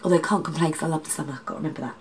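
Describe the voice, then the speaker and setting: A woman's voice: sits low, racing, a little hiss or hum. Nasal, chatty woman. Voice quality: slightly husky, dodgy voice. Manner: chatty, rambling asides. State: congested, nasal from hay fever. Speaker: makeup artist. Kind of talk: makeup tutorial vlog.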